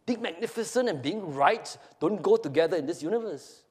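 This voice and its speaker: Man doing a mocking devil figure, high shrill taunts, swooping voice, echoing hall. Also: animated, brisk, husky. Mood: taunting. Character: sneering mocking male Satan figure, adult. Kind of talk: dramatic reading of a play.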